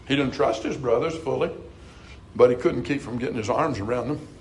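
A middle-aged man preaching a sermon earnestly, climbing to emphatic highs and dropping to soft, quiet passages. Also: brisk, rough recording.

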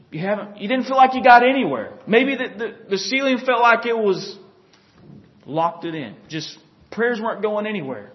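A man's voice: high voice, highs cut off. A man preaching a folksy, conversational sermon who often chuckles and talks straight to his listeners.

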